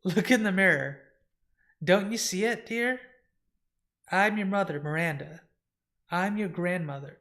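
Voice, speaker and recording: A man voicing a frail elderly woman who speaks softly and fondly. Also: high voice, measured pace, long pauses, heavily acted. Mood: tender. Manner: soft, fond, apologetic.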